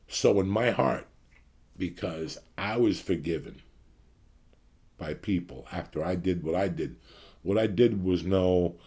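A man's voice: deep voice, vocal fry, warm tone, breathy edge. A man in his fifties from the New York area, hosting his show with a blunt, profane rant to his audience. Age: 50s. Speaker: podcast host.

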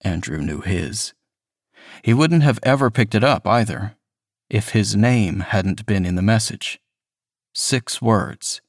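Man narrating horror, slow, low-pitched, measured, dry close recording. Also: dry recording. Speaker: reader.

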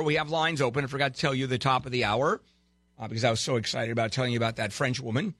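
A man's voice: mid-range voice, racing, a bit bright, no room sound. A man hosting a call-in legal advice radio show, brash and teasing, giving callers blunt advice with wisecracks.

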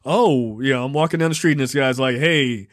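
A man's voice: medium pitch, brisk, dry recording, studio quality. A man co-hosting a podcast in casual chat, rambling and emphatic, often laughing. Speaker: podcast co-host.

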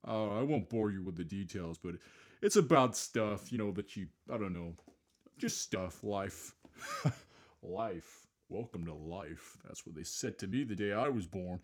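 A man's voice: fairly low pitch, animated, a little slow. Rambling scatterbrained male podcast host. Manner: scatterbrained, rambling, self-mocking. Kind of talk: improvised comedy monologue.

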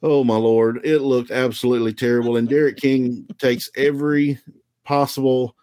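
A man from the American South, a former wrestler, telling stories in a relaxed, rambling, self-deprecating way. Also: medium pitch, moderate pace, no echo. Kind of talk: casual storytelling.

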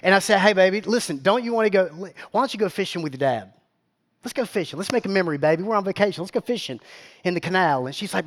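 Animated high-voiced pastor. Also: male voice, fast talker. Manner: animated, repeats words, asks the crowd questions. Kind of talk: storytelling sermon.

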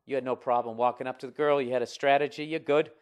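A man's voice: medium pitch, fairly even intonation, fast talker, smooth. Profane, rambling male storyteller. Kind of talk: casual comic storytelling.

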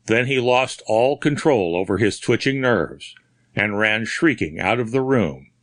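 Low-voiced male story narrator, dry. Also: animated, a little slow, fairly bright tone, dry recording. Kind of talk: audiobook reading of a pulp horror story.

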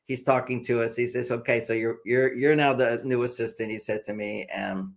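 A man telling a personal story casually as a podcast guest, animated and laughing, acting out quotes in a raised voice. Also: medium pitch, moderate pace.

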